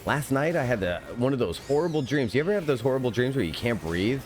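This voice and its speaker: A man's voice: mid-range voice, sing-song, fast talker, faint music behind. A man streaming himself playing an online game, chatting to viewers and teammates in a loose, giggly way. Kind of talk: live gameplay commentary.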